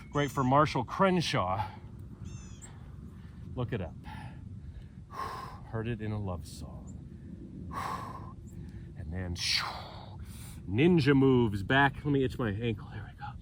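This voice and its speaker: A man's voice: medium pitch, darkish tone, a little hiss or hum. A man leading a yoga workout outdoors, cueing poses with joking asides, breathing hard from the exercise. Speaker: yoga instructor. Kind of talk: guided workout instruction. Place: outdoors with a mountain view.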